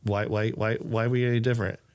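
A man with a lowish voice hosts a relaxed podcast conversation. He rambles through his stories, leaning on "like" and "um" as he goes. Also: fast, a little hiss or hum. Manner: rambling, filler-heavy storyteller. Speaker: podcast host. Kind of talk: casual chat.

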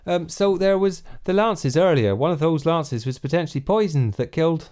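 Bloke putting on a west country squire, polite and nosy, voice raised high, smooth clear tone. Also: male voice, normal speed, a little mellow, natural voice. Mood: inquisitive. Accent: West Country English. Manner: courteous, probing questions. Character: polite, inquisitive young male squire.

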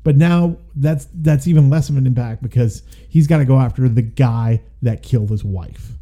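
A man's voice: medium pitch, normal speed, warm tone. A man co-hosting a podcast, reviewing a film in casual, rambling chat with jokey asides. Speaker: podcast co-host.

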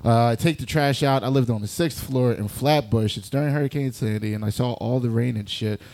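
A man's voice: mid-range voice, a little mellow. Laid-back New man telling a story. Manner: laid-back, profane, acts out people in quick voices. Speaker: guest storyteller. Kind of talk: casual comedic storytelling.

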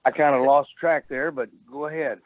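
A man's voice: on the high side, steady tone, fairly quick, no echo. An older man, once a pro wrestler, calls in over a thin, phone-like line. He rambles from story to story in a salty way and laughs at his own tales. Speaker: former pro wrestler, guest. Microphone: telephone.

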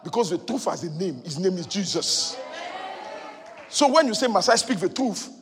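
A male preacher giving a sermon, moving between loud shouted exhortation and quiet teaching. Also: high voice, very animated, moderate pace. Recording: long hall reverb.

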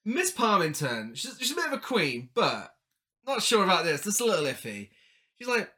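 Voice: mid-range voice, wildly swooping pitch, a little fast, bright, forceful tone. A person co-hosting a casual film chat, laughing often and swearing freely. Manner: giggly, sweary, frequent laughter. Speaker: podcast co-host.

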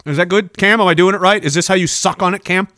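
A man's voice: sits high, quick pace, bright, forceful tone, slight background noise. A middle-aged man, hosting a casual livestream, rambling and joking as he reads out chat messages. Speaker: livestream host. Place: home studio. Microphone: boom-arm studio mic.

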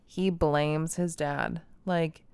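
A woman casually recapping a movie plot in animated detail, swearing freely and acting out the characters' lines. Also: low voice, very slow, clean tone, no room sound. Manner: animated storytelling, frequent swearing, acts out quotes. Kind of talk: casual chat.

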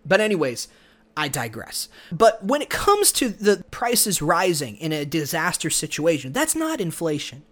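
A man's voice: on the high side, wildly swooping pitch, normal speed, a bit bright. A man hosting a solo podcast, giving opinionated, argumentative commentary straight to the listener. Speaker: podcast host.

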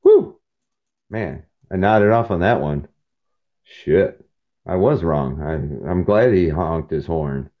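A man's voice: sits low, slow pace. A man hosting a podcast from his truck cab while driving, telling rambling stories and acting out the voices of people in them. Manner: jumps between topics and acts out quoted voices. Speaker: podcast host. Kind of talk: rambling casual storytelling. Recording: dull lo-fi sound.

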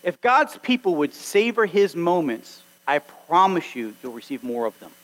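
Male pastor, high voice, earnest exhorting sermon delivery in a church. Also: big pitch swings, moderate pace, fairly bright tone, low-quality recording. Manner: earnest, exhorting, acts out quoted dialogue.

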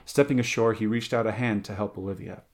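Male story reader, fairly low pitch, steady, amateur reading. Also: quick pace. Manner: steady reading with occasional slips and self-corrections.

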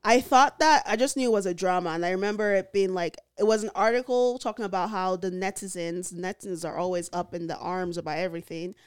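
A woman co-hosting a casual podcast, joking and reacting with loud, expressive exclamations. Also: on the low side, fast talker, few pauses, smooth, no echo. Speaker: podcast co-host. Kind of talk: casual chat.

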